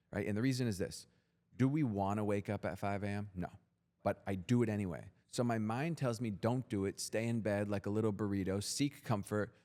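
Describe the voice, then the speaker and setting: A man's voice: lowish voice, a little mellow. A young man as a podcast guest, telling his story in a blunt, profane, intense motivational way. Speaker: guest entrepreneur.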